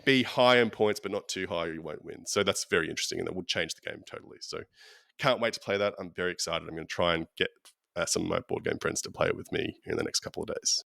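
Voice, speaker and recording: A man hosts a casual board game podcast, chatty and easygoing. His voice sits on the low side. The sound is close and dry. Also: fast talker, creaky, bright, forceful tone, no echo. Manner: chatty, wraps up the show with thanks. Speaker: podcast host. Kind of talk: casual chat.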